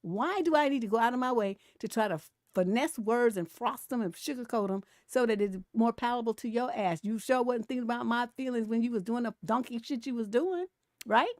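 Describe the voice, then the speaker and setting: A middle-aged woman hosts a casual relationship-advice livestream in a fairly high voice. She talks bluntly and with plenty of profanity, shifting between laid-back chat and heated outbursts. The sound is close and dry. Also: brisk, a little mellow, no room sound. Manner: laughs between points. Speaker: relationship coach hosting a livestream.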